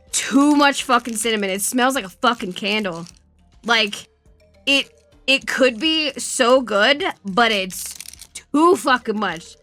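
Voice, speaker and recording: A young woman streamer in casual chat, swearing often and rambling through animated stories. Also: sits high.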